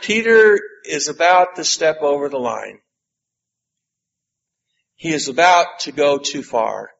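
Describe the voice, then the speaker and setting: Slow, emphatic male preacher. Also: a little high, vocal fry, a bit bright, dull audio. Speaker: pastor. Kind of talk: sermon.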